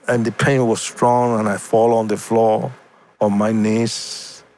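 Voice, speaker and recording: Sharing his personal testimony as a guest, an evangelist speaks with deep emotion, stumbling and restarting and repeating words. His tone stays level and a little mellow.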